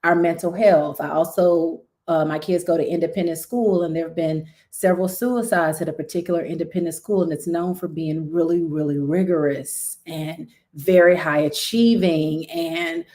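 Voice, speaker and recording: A woman's voice: deep voice, normal speed, few pauses. A woman, a guest on a talk stream, speaking earnestly and telling a story in a conversational way. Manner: earnest, storytelling, animated when recounting. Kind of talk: conversational discussion.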